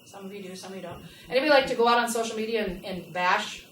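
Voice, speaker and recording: Animated woman trainer in an echoey room. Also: medium pitch, very fast. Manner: animated, asks the audience questions. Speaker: workplace trainer. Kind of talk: customer service training talk. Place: large room with a live audience. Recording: echoey room, from a distance, faint noise.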